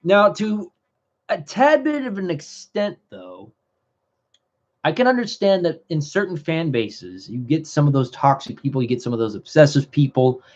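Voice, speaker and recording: A man's voice: fairly high pitch, very animated, normal speed, a little mellow, lo-fi sound. A man hosting a commentary livestream, ranting in a heated, profane, rambling way with frequent restarts. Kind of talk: live commentary rant.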